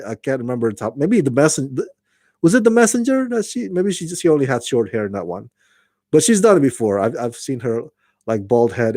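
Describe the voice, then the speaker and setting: A man talks through a TV episode review in a loose, halting way, with many fillers and false starts. His voice sits at a middle pitch. The sound is dry and close, with no room echo. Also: darkish tone. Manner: acts out quoted lines in a raised voice. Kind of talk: casual spoken review.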